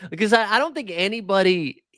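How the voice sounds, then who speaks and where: Lively man in casual sports chat. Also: sits high, brisk, no room sound, clean studio sound. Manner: animated, laughs often, jokey asides. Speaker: podcast co-host.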